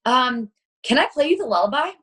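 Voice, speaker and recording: A woman's voice: sits high, expressive, a little fast, a bit bright, breathy edge. A woman in her thirties, a children's TV performer, chatting enthusiastically as a podcast guest and laughing easily. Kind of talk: casual interview chat.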